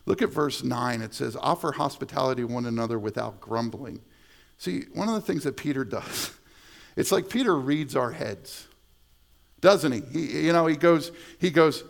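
A man's voice: a little high, lively intonation, moderate pace, creaky. A middle-aged male pastor preaching a sermon in a conversational way, repeating words and adding asides. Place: church sanctuary.

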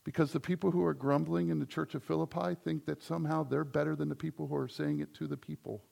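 A man's voice: fairly high pitch, level tone, fast talker, creaky, a little mellow. A man preaching a sermon as the church's pastor, in a conversational style that builds to emphatic points.

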